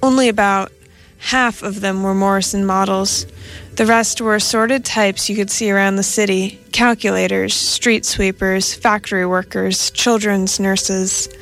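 A woman reading a first-person story in a steady, measured narration. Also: mid-range voice, faint music behind.

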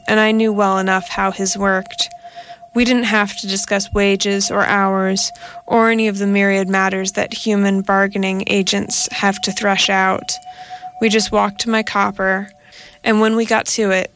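A woman reading a science fiction story aloud as an audiobook narrator, in a slow, measured storytelling manner. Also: mid-range voice, little pitch movement, fairly bright tone, slight background noise.

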